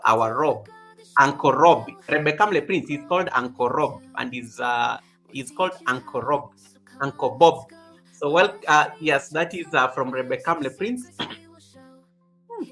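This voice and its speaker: A man's voice: mid-range voice, pushed and bright. A man hosting a livestream, chatting casually and greeting viewers by name while repeating his phrases. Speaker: livestream host. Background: faint background music.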